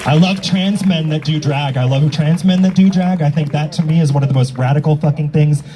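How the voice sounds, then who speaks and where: A drag emcee with a fairly high male voice hosts an outdoor rally in a public square, talking a little fast. He teases the audience in a brash, profane way, and background noise and a faint crowd can be heard.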